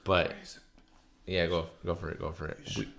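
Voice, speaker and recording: A man's voice: sits low, level tone, normal speed, creaky, a bit bright, slight background noise. A man with a Southern US accent, from Alabama, hosting a casual podcast, laughing and swearing a lot after a few drinks. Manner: laughing, swearing, loose and joking. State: has been drinking. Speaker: podcast host.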